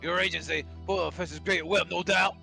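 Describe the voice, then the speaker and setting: A man voicing a gruff, hostile middle-aged prison governor in a rough, gravelly voice, barking with contempt. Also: high voice, steady tone, brisk, bright, forceful tone, soft background music, exaggerated voice. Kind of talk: voicing game characters on a stream.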